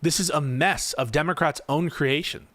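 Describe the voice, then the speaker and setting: A man's voice: on the high side, normal speed, a bit bright. A man doing casual live-stream commentary on politics, reading chat and ranting in a profane, exasperated way.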